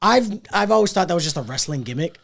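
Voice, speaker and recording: Young male podcast co-host, slightly high voice, animated and profane storyteller. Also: fast, gravelly. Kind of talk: casual storytelling chat.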